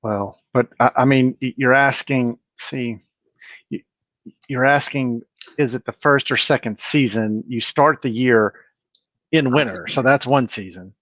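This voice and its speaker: A man's voice: mid-range voice, unhurried, a bit bright, no room sound, highs cut off. A man co-hosting a casual online chat, joking and arguing technicalities with a wry manner. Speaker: co-host.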